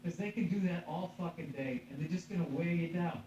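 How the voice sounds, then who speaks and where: Here a male comedian tells a story in a somewhat high voice, swearing as he goes. He sits well back from the mic in a very echoey room. The sound is muffled, with a faint hum behind him. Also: fairly quick, dark tone, far from the mic. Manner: profane, laughing, acts out quoted voices. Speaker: stand-up comedian. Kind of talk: casual podcast storytelling.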